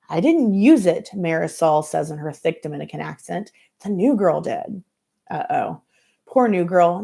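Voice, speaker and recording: A woman reading a novel aloud to students, in dry, measured first-person narration. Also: low voice, vocal fry, a little mellow. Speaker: reader of a novel for school students.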